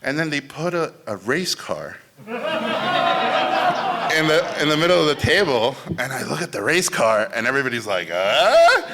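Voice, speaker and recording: A man on a panel at an expo, telling behind-the-scenes stories with lively, animated delivery, swearing casually and acting out what others said. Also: medium pitch, normal speed, heavy background noise. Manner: lively, swears casually, acts out quotes in voices. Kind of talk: animated storytelling on stage.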